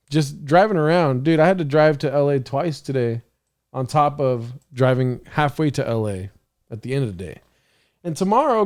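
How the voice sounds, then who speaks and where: A man's voice: on the high side, gravelly, a little mellow. Profane, laughing young man. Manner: profane, joking, often laughing, slangy. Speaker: podcast host. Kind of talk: casual solo podcast monologue.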